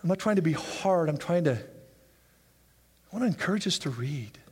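A man preaching a sermon in a church, animated, acting out people's excuses in high voices. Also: normal speed, breathy edge, long reverb tail. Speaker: pastor.

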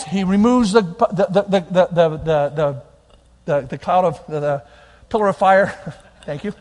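High-voiced preacher in an echoing hall. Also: male voice, fairly quick. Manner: animated, swings between loud bursts and quiet, near-whispered lines. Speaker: pastor. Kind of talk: sermon.

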